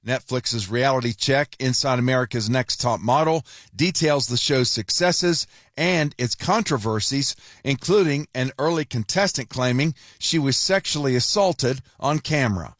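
A man reading entertainment news on the radio in a steady, formal manner. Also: mid-range voice, moderate pace, no room sound, studio quality. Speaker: news anchor.

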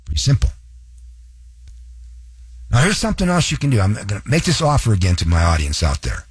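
A man hosting a radio talk show, coaching listeners directly and spelling out details slowly. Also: lowish voice, wildly swooping pitch, husky, dry recording.

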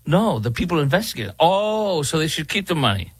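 A man's voice: fairly high pitch, sing-song, a little fast, heavy background noise. A man guest-hosting a political talk radio show, mocking and joking in loose commentary.

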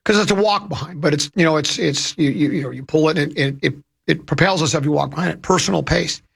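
A man's voice: fairly high pitch, quick pace, creaky, slightly rough. A man hosting a radio talk show, telling rambling, chatty anecdotes into a studio microphone. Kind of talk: casual radio storytelling.

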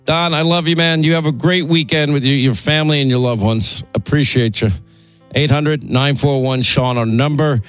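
A man's voice: on the high side, fairly even intonation, moderate pace, soft background music, rough recording. A man hosting a call-in radio talk show, chatty, with stammering restarts.

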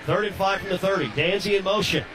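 A man calling live college football play-by-play, quick and rising to shouts on big plays. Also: high-pitched, music in the background. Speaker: play-by-play announcer.

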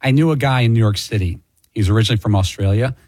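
A man on a sports radio show delivers dry wisecracks and quick anecdotes. His voice is husky and sits dry and close to the mic. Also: on the low side, darkish tone, no room sound.

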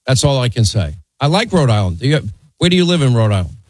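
A man's voice: medium pitch, big pitch swings, fast, dry recording, rough recording. A man hosting a call-in talk radio show, talking bluntly and conversationally and teasing his callers.

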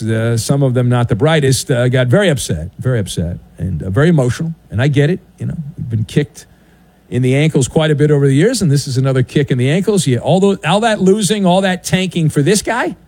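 Speaking into a studio broadcast mic, this sports talk radio host works through a sardonic, theatrical monologue punctuated by swooping announcer flourishes. His voice sits at medium pitch with a somewhat dark tone, and he's recording in a studio.

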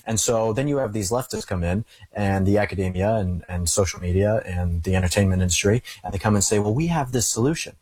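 A man's voice: deep voice, fairly even intonation, fairly quick, few pauses, darkish tone, breathy edge, no room sound. A young man speaking earnestly as an interview guest, telling stories and making his case in conversation. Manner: earnest, storytelling with acted quotes. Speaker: guest, conservative commentator.

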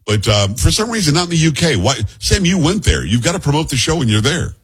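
Middle-aged male radio host, quick husky delivery, jokey banter. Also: on the high side, big pitch swings. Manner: fast, chatty, joking. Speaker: radio talk show host.

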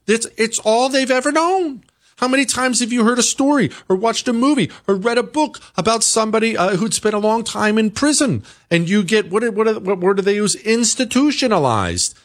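Man, American, talk show host, opinionated monologue, very lively pitch, emphatic rhetorical questions. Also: normal speed. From United States.

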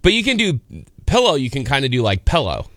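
A man's voice: medium pitch, big pitch swings, fast, pushed and bright, no room sound, studio quality. A man co-hosting a casual chat, playfully teasing over pronunciations and saying "like" a lot. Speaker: co-host.

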